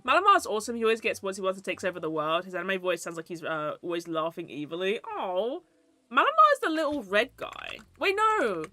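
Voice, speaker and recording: A young woman chats through a stream and drifts from topic to topic, swearing freely. Her voice is bright and clear, and her pitch swings up and down a lot. Soft music plays behind her. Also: very animated, fairly quick, no room sound. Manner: rambling, chatty, swears casually. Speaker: VTuber streamer. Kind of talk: casual stream chat.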